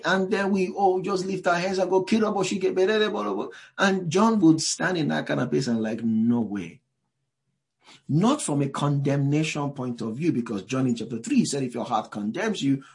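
A man's voice: medium pitch, darkish tone. A man preaching a sermon to a live congregation in a church. He talks in a loose, conversational way, drops in many asides and asks the listeners questions directly. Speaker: pastor.

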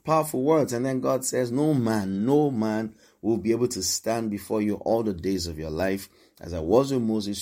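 Male preacher, low voice, emphatic sermon, repeats exhortations. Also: warm tone.

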